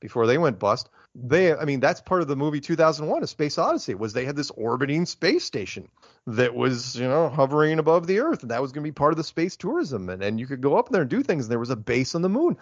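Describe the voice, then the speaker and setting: A fired-up man rambles through an interview answer, his voice sitting a little high for a man. The recording sounds dull and lo-fi, with a dry, close feel and no room around it. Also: quick pace, no room sound. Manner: animated, gets worked up, rambling. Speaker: interview guest. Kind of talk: casual interview talk.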